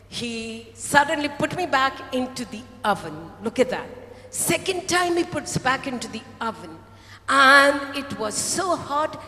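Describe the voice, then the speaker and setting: A woman preaching a sermon to a congregation, telling a story slowly and acting out the voices of a potter and a clay cup. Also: on the high side, pushed and bright. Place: large hall. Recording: echoey hall, voice from off-mic.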